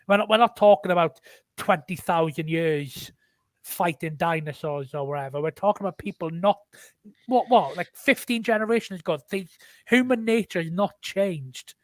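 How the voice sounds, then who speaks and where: A man's voice: sits high, normal speed, dry recording. A man with a Welsh accent, the guest author in a casual online chat, talking candidly with many restarts.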